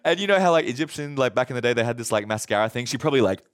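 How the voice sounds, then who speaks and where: A man's voice: medium pitch, racing. A male pastor preaching a sermon, retelling a story and acting out scenes. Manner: animated, acts out scenes.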